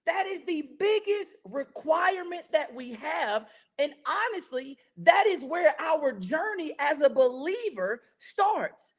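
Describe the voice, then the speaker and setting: A man's voice: very high voice, takes it slowly. A man teaching an interactive Bible study, keeping check on his listeners with frequent "right?" and leading call-and-response. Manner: energetic, keeps checking in with listeners.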